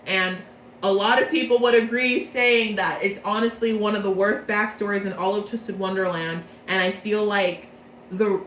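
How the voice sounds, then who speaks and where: A young woman casually retelling a game's plot from memory, bubbly and jokey, tossing in quick character voices. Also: medium pitch, fairly bright tone. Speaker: storyteller recapping a game plot. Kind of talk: casual chatty plot recap. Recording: echoey room with faint background noise.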